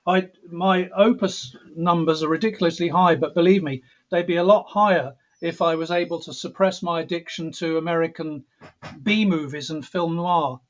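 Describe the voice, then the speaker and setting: A man's voice: on the high side, fairly even intonation, normal speed. A middle-aged English composer answering interview questions in a reflective way, often restarting his sentences. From England. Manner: reflective, restarts sentences, mimics accents playfully. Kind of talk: thoughtful interview talk. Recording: dull lo-fi audio.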